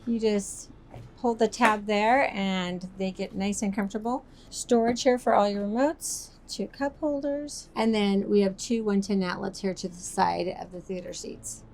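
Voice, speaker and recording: Brief: cheerful woman at mid pitch touring a motorhome, faint noise behind. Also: steady tone, measured pace, darkish tone. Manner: upbeat, enthusiastic, chatty presenter. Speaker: RV sales expert giving a tour. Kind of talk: walk-through product tour. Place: inside a motorhome.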